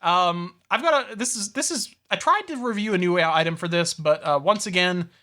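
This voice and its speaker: A man's voice: high voice, expressive, moderate pace, bright, forceful tone. A man co-hosting a comedy podcast, rambling in casual chat with lots of restarts. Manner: rambling, many restarts and fillers. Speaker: podcast co-host.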